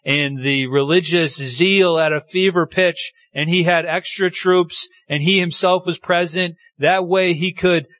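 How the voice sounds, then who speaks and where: A man's voice: unhurried, few pauses, no echo, muffled recording. A man preaching a sermon, telling the story with feeling and acting out the quoted lines. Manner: animated storytelling, acting out quotes with pitch swings. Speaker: pastor.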